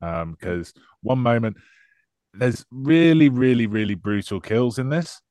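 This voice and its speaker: Male podcast co-host, dry close sound, sarcastic, laughing, lively pitch. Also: measured pace, no echo. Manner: loose, laughing, sarcastic film banter. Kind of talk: casual chat.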